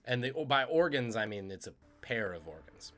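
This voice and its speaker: A man's voice: mid-range voice, very animated, brisk, a bit bright, faint music behind. A man hosting a live trivia stream, joking and reading out the chat's guesses. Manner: jokey, punning, reads chat aloud. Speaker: trivia quiz host.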